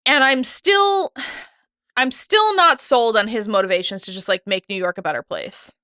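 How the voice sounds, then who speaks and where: A woman's voice: on the high side, normal speed, sharp tone, smooth, no room sound, clean studio sound. A woman co-hosting a casual TV recap chat, talking loosely with many fillers and restarts. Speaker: podcast co-host.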